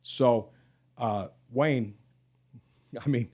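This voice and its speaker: Middle-aged guy on a podcast, lowish voice, earnest, chuckles a lot. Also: animated, normal speed, darkish tone. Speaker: podcast co-host. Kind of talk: casual podcast chat.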